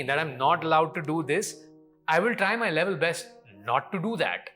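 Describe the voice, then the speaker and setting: A young man with an Indian accent rants through a comedy commentary, sarcastic and exasperated. His voice is bright and lively, leaping up and down in pitch, with faint music underneath. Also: moderate pace. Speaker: comedian and show host. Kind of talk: scripted comedy commentary rant.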